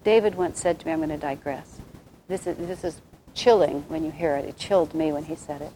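A soft-spoken woman giving a reflective, rambling spiritual talk, with many restarts. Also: low-pitched, a little fast, slight background noise, low-quality recording.

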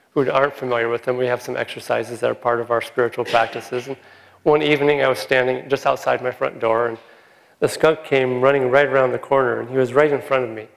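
A man with a gravelly, creaky voice gives a gentle spiritual talk, chuckling softly through his stories. He sounds like he is in a large hall, with a long reverb trailing his words. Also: medium pitch, a little hiss or hum. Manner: gentle, chuckles often while telling stories. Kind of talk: informal spiritual talk with anecdotes.

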